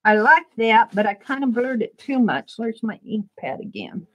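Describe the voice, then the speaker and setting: Very animated and on the high side, a middle-aged woman from the American Midwest speaks at a moderate pace as she streams her artwork. She chats and rambles casually, laughing a lot while she works.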